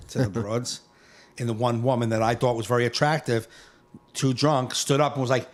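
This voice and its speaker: A man hosting a comedy podcast, telling stories in a lively way, swearing freely and acting out the people in them. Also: mid-range voice, fairly quick. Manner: animated storytelling, swears freely, acts out voices. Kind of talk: casual podcast chat.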